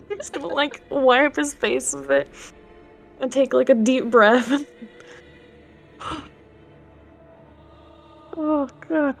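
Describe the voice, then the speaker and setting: Woman, tabletop player, high voice, slow delivery, giggly, faint music behind. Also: creaky. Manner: giggly, full of filler words. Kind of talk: describing her character's actions.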